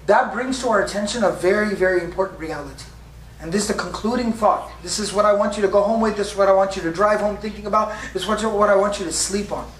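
A man's voice: sits high, fast talker, fairly bright tone, slight background noise. A man delivers a sermon at night in a mosque hall, pressing his points with rhetorical questions and repetition. His voice is heard from a distance, in a room with a lot of echo and a faint murmur of ambience behind him. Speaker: preacher.

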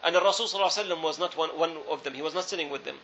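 A man's voice: on the high side, rapid-fire, fairly bright tone, slight background noise. A man preaching a sermon, telling a story earnestly and repeating phrases for emphasis. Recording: dull lo-fi recording.

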